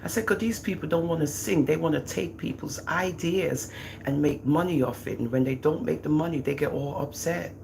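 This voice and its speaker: On a casual livestream, a middle-aged woman with a Jamaican accent talks briskly in a low voice with vocal fry. She's animated and teasing, proudly boasting about her children, and there's slight background noise.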